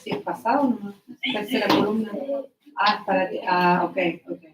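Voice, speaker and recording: A woman's voice: mid-range voice, a little fast, very noisy. A woman teaching an English class, explaining patiently and acting out examples. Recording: echoey classroom.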